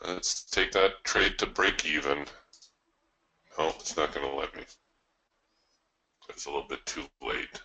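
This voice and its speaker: A man's voice: extremely low pitch, a little slow, pauses often, sharp tone, slight background noise, rough recording. A man coaching live trading, talking through his trades in a folksy way with chuckling asides.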